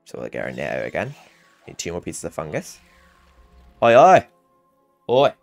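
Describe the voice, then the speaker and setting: A man's voice: extremely low pitch, sing-song, fast, creaky. A man commenting casually while playing through a video game, rambling and chatty. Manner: rambling, chatty, often laughing. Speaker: gaming channel host. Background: game music.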